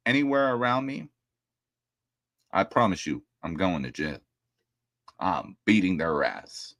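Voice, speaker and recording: A man's voice: deep voice, very animated, a little slow, pauses often, a bit bright, dry recording, studio quality. A man hosting a casual livestream, talking bluntly and ranting with plenty of profanity. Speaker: livestream host.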